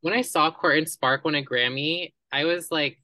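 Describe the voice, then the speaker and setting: Young male co-host, gushing and effusive, bright tone, dry close sound. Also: a little high, moderate pace, dry recording, low-quality recording. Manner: effusive, gushing, quotes lyrics aloud. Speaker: podcast co-host. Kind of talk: casual chat.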